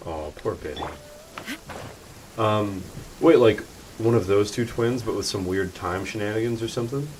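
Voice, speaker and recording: A man's voice: on the low side, moderate pace, pauses often, darkish tone, a little hiss or hum. A young man streaming a video game, joking and chatting casually in slangy speech. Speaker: gaming streamer. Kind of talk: casual gameplay commentary.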